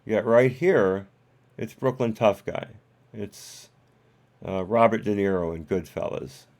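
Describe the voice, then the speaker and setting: A low-voiced man hosts a live stream and talks through his commentary in a loose, rambling way. He hesitates often and fills the gaps with ums and uhs. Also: slow pace, darkish tone. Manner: rambling, hesitant, with many fillers. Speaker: host.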